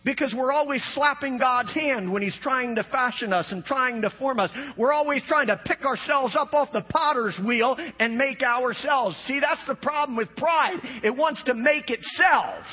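High-voiced preaching man, husky, lo-fi. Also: normal speed, hardly any pauses. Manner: preaching with rising shouts and dropping to low emphatic asides. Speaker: pastor. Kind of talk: sermon.

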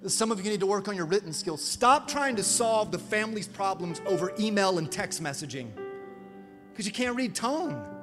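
Energetic high-voiced male pastor preaching. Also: normal speed. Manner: energetic, animated preaching with call-outs to the congregation. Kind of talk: sermon. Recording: reverberant hall, faint music behind.

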